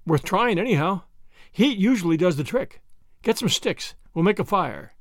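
A man's voice: high voice, lively intonation, normal speed, no echo, studio quality. A man voicing an earnest, uneasy young Englishman who speaks in a clipped, anxious way.

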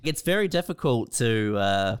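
A man's voice: mid-range voice, very animated, normal speed, clear, resonant tone. A man co-hosting a comedy podcast, talking in a laid-back way, often saying "man" and "uh". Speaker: podcast co-host. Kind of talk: casual podcast chat.

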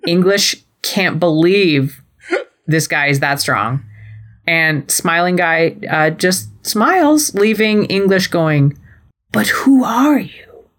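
A young adult woman co-hosting a casual recap podcast, animated and slipping into playful voices for quotes. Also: low-pitched. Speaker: podcast co-host.

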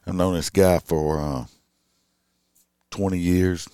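A middle-aged man with a drawl talks through a late-night monologue in an extremely deep, low voice. He rambles and restarts, leaning on fillers as he goes. The recording is dry and close, with no room sound. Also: fairly even intonation, slow, mellow, clean tone, no room sound. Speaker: police officer vlogger.

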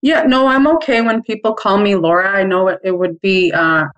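A middle-aged woman from Canada answering interview questions about making ribbon skirts, in a calm, measured, thoughtful way. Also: medium pitch, rough recording.

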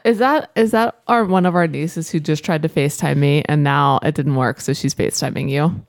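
A woman co-hosting a casual movie review podcast, playful and quick to laugh. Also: low voice, gravelly. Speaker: podcast co-host.

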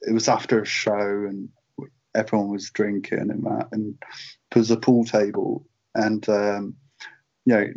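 A British man near forty, guesting on a chat show, with a fairly low voice. He rambles through anecdotes with fillers and easy laughter. The sound is dull and lo-fi, like a remote call. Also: monotone, normal speed, creaky, darkish tone. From United Kingdom. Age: late 30s. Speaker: guest, merchandise writer. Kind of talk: casual anecdote in interview.

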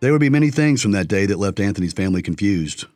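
Man, low voice, measured scripted narration, dry sound. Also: expressive, a little mellow, dry recording, soft background music. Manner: measured, documentary.

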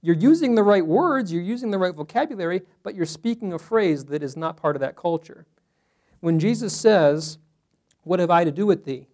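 A man's voice: sits high, expressive, normal speed, a little mellow. Man leading a live Bible study. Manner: conversational, asks the group questions. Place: room with a small group.

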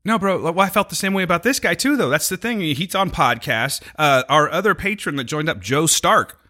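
A man's voice: a little high, expressive, brisk, pushed and bright. A man co-hosting a podcast, chatting casually in a rambling, jokey way full of tangents. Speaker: podcast co-host.

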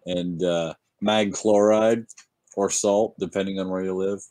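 A man's voice: sits low, fairly even intonation, measured pace, a little mellow, no echo. A man co-hosting a casual podcast, wry and joking. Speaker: podcast co-host.

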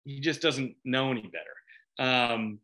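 A middle-aged man from Chicago, an actor chatting in an interview, animated and quick to laugh, with lots of restarts. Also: medium pitch. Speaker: actor guest. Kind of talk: casual interview chat.

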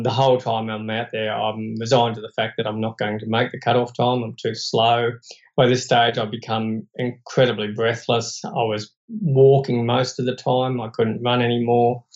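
A man's voice: mid-range voice, level tone, moderate pace, muffled recording. An Australian man, a podcast guest, telling a personal story in an earnest, reflective, plain-spoken way.

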